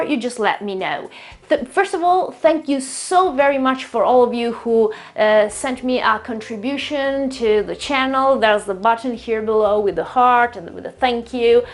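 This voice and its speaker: A woman with an Italian accent leads a casual online English lesson, and her voice sits a little higher than most. She talks in a chatty, explanatory way, saying each example word several times so learners can copy it. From Italy. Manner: chatty, explains step by step, repeats words to model pronunciation. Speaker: English teacher, channel host.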